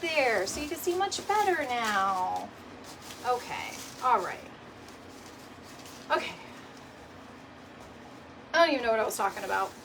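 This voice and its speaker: A middle-aged woman with a drawl chats away as she crafts, laughing freely and tossing in "y'all." Her voice sits a little high and sounds a step back from the mic. A steady hum of room noise runs underneath. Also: measured pace, creaky, pauses often, far from the mic. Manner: chatty, laughs often, says "y'all" and "right?". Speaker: DIY decor host. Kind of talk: casual livestream chat while crafting.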